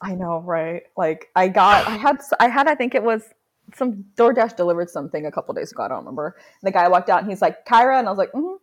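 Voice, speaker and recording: A woman co-hosting a relaxed podcast conversation. She tells little anecdotes with animation and breaks into laughter often. Her voice sits in an ordinary middle pitch. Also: fast. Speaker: podcast co-host. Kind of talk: casual chat.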